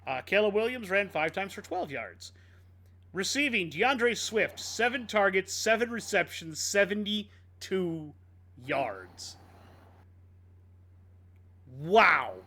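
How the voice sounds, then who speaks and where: A man's voice: high voice, slow pace, pauses often. A man co-hosting a casual sports podcast, reading off game stats. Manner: reads off game stats in a lively, rising-and-falling delivery. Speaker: podcast co-host.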